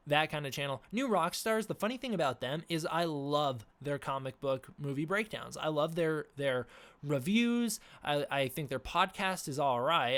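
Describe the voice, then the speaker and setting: A man's voice: on the high side, fairly bright tone. A man hosting a casual livestream, ranting animatedly with many fillers and restarts, his throat sore and scratchy. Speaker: livestream host.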